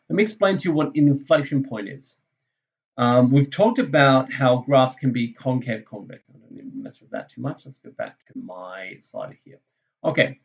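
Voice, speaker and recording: A man's voice: medium pitch, vocal fry, lo-fi sound. A man teaching a maths lesson over a screen recording, thinking aloud in a casual way and correcting himself as he goes.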